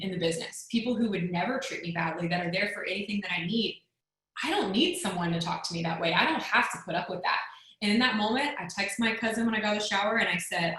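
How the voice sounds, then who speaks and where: A woman's voice: fairly low pitch, a bit bright. A young adult woman telling a personal story in a chatty way, full of "like" fillers, on a video call. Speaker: network marketing leader. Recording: very echoey room.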